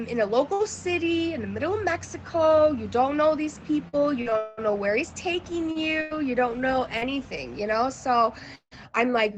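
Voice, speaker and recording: A woman telling a personal travel story in a casual, chatty way, full of fillers and restarts. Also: high voice.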